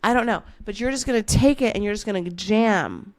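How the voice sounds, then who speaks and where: A woman's voice: medium pitch, animated, brisk, few pauses, dry recording. A woman coach delivering a motivational podcast monologue, playful and revved up, tossing out "baby" to the listener. Her voice sits mid-range for a woman and the sound is dry and close. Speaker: manifestation coach and podcast host.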